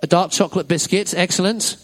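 Guy doing the kids' talk at church, pretty high voice, upbeat, keeps cheering them on. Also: steady tone, brisk. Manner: upbeat, encouraging, praises every answer. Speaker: church children's talk leader. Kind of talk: children's talk in a church service. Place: church hall with an audience.

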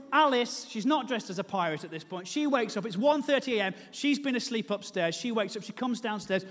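Brief: male preacher, very high voice, echoing in a large hall. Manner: lively and humorous, then earnest and pleading. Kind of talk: sermon with storytelling.

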